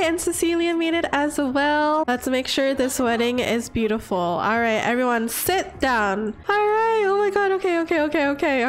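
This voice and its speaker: A woman giving casual let's-play commentary on a life-sim game, excitable and gushing, often squealing and laughing. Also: high voice. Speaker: gaming video creator.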